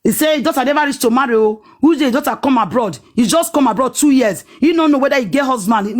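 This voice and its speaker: Animated woman with a Nigerian Pidgin accent. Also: high voice, fast, few pauses. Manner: animated, dramatic retelling with acted-out quotes. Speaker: storyteller. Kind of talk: personal storytime.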